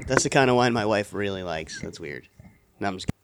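A man playing along as a quiz contestant, joking around and laughing often in an animated way. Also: on the low side, fairly quick, background noise. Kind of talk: casual podcast chat.

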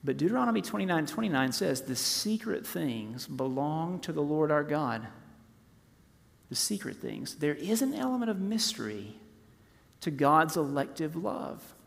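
A man in his forties preaching a sermon, rising to loud emphasis and dropping to hushed, near-whispered softness. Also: a little high, very animated, normal speed, gravelly. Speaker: pastor. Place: church sanctuary. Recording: long reverb of a large hall.

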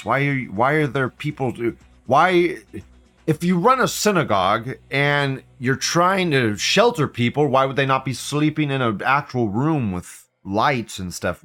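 Male live-stream host, slightly high voice, swears constantly and rants in an agitated way, with faint music behind him. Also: fairly bright tone. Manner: profane, agitated ranting with repeated questions. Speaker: livestream host. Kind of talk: live-stream rant reading chat.

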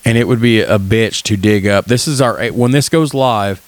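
Podcast co-host, male, 30s, lowish voice, rambling and joking delivery. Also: moderate pace, dry recording. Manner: joking, rambling, does voices in his stories. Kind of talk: casual podcast chat.

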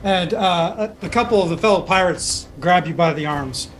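A game master narrating a tabletop pirate game in a halting way, with many fillers. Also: mid-range voice, soft background music.

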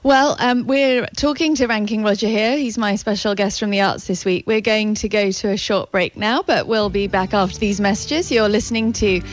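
A woman's voice: mid-range voice, moderate pace, few pauses. A woman hosting a radio interview, asking careful questions and often giving short acknowledgements. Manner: attentive, with frequent short acknowledgements. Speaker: radio host.

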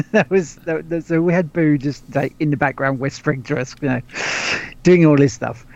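A man's voice: a little high, normal speed, gravelly, darkish tone. A man co-hosting a gaming podcast, chatting casually and rambling upbeat through restarts. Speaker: podcast co-host. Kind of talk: casual chat. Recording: muffled lo-fi mic.

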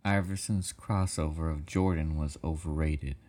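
Deep-voiced laid-back man. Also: steady tone, normal speed, darkish tone. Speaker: podcast co-host. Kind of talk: casual podcast chat.

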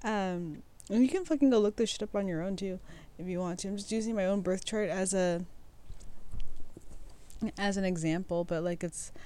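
A woman's voice: medium pitch, moderate pace, warm tone. A young woman hosting a casual astrology podcast, reading text aloud, tripping over words and swearing casually. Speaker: podcast host.

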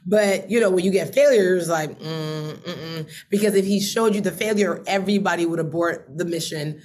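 A woman telling a personal story as an interview guest, animated, laughing often and acting out her past thoughts in quick voices. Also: on the low side, slight background noise.

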